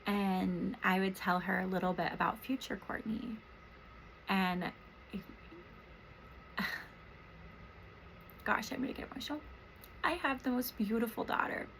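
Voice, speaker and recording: Woman in her thirties, therapist, reflective monologue, soft and emotional, rambling with fillers, middle pitch, faint background hiss. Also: vocal fry, rough recording. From Washington State, US. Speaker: therapist and podcast host.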